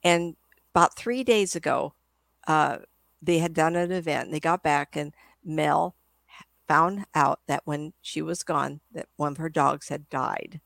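A woman's voice: deep voice, a little slow, gravelly, a bit bright, no room sound. An older woman, a psychic medium guest, telling rambling stories in a casual interview. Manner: rambling, chatty storyteller.

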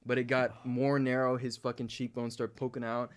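A man's voice: medium pitch, little pitch movement, moderate pace. A man co-hosting a comedy podcast, rambling through stories in a laid-back, swearing way. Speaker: podcast co-host. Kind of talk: casual comedy podcast banter.

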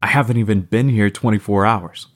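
A man's voice: fairly low pitch, normal speed, close to an everyday voice. A man reading as a sarcastic, cocky publisher. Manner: sarcastic, mocking. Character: male book publisher, sarcastic and cocky, adult. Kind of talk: audiobook character reading.

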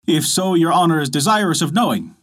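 A man's voice: fairly high pitch, lively intonation, a little fast, fairly bright tone, slightly rough. A man voicing a poor peasant husband in a folk tale, deferential yet firm.

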